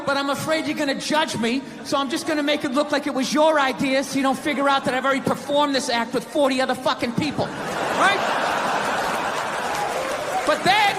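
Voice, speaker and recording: A male stand-up comedian ranting loudly with mock outrage in a live set. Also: very high voice, normal speed, long pauses. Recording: live concert hall with crowd noise.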